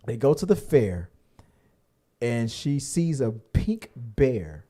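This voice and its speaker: A man's voice: medium pitch, big pitch swings, slow, warm tone. A man co-hosting a casual podcast, rambling with many fillers and restarts and the odd curse. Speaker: podcast co-host. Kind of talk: casual chat.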